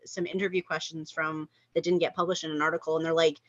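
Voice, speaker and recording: A woman's voice: sits low, fast talker, no echo. Chatty woman on a dull call line. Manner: chatty, with lots of fillers and lively asides. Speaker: cast member of an online table-read group. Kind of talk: casual chat.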